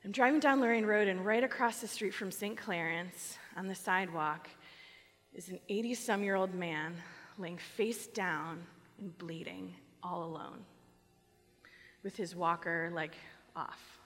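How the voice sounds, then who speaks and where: A middle-aged woman pastor giving a conversational, animated sermon on a microphone, telling a personal story and acting out quoted lines. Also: on the low side, measured pace. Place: church sanctuary. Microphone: wearing a microphone. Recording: long reverb of a church hall.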